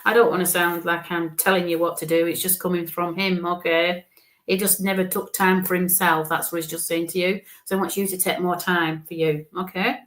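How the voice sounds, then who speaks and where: Lady doing a psychic reading, gentle and reassuring, keeps saying okay?. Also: lowish voice, level tone, fairly quick. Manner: gentle, reassuring, often ends phrases with "okay?". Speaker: psychic medium.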